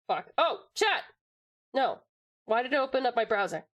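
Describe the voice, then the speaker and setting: Young woman, from Tasmania, livestreamer, high voice, very lively pitch, bubbly, giggly, casual chat. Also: muffled recording. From Tasmania, Australia. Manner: bubbly, giggly, fast-switching, swears casually. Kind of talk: casual live-stream chat, reading chat messages.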